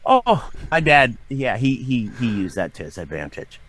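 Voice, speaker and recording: A man's voice: mid-range voice, normal speed, a little hiss or hum. A man in his forties, a writer and voice actor, telling personal stories in a podcast conversation and acting out the voices of people he quotes. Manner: animated storyteller who acts out quoted voices. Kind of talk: candid storytelling conversation.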